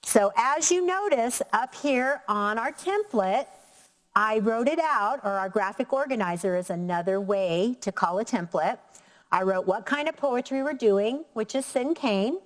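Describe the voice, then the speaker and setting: A woman teacher giving a slow, clear lesson to young children, counting out syllables. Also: on the high side, animated, big-room sound. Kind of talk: elementary classroom lesson.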